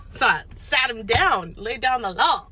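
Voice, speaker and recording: A woman's voice: a little high, animated, takes it slowly, slightly rough. A woman, rambling and laughing as she talks to her phone while driving in the country. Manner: chatty, laughing, rambling with restarts. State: sweating in the heat. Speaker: vlogger. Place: inside a car, driving in the countryside. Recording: loud car noise behind.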